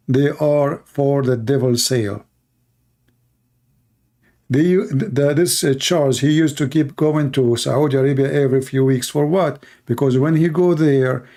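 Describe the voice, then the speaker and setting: A Middle Eastern man with a warm, mid-range voice hosts livestream commentary. He mocks in blunt, broken English, his Middle Eastern accent clear.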